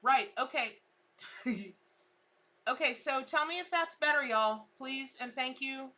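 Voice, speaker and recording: A woman's voice: high-pitched, slow pace, pushed and bright. A woman hosting a live tarot stream, chatting in a bubbly, exclamatory way with viewers. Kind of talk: casual live-stream chat. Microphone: desk mic.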